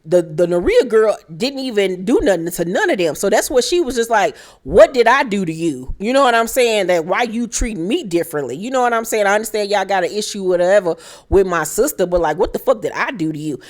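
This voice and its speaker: Sassy, profane woman recapping a show. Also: a little fast. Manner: animated, profane, sassy, shouting high mock rants. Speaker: reality TV recap host. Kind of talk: casual recap commentary.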